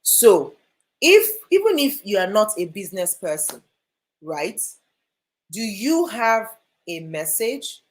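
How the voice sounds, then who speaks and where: Energetic Nigerian woman. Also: mid-range voice, slow pace. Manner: energetic and emphatic. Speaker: guest speaker. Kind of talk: lively interview talk.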